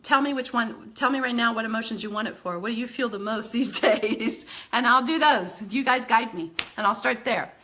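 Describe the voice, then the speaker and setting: A woman energy healer teaching tapping in a live online video. Her voice sits a little high and rings bright and forceful. She is animated, slips into her clients' voices and laughs often. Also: moderate pace, few pauses.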